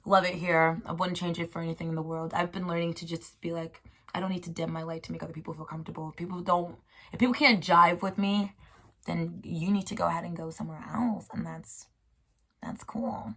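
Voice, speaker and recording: A woman's voice: fairly low pitch, fairly even intonation, brisk, a bit bright. A woman hosting a casual solo chat about spirituality, rambling and playful, with slangy, encouraging talk to her listeners. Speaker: host.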